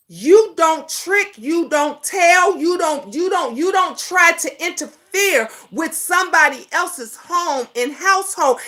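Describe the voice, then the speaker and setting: A middle-aged woman hosts a casual livestream chat. Her voice sits high and bright, swinging widely in pitch. She talks with sass, breaking into loud outbursts as she calls out to her viewers. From Chicago. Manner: animated, sassy, greets chat viewers, outbursts. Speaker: livestream talk show host. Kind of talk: casual live chat talk.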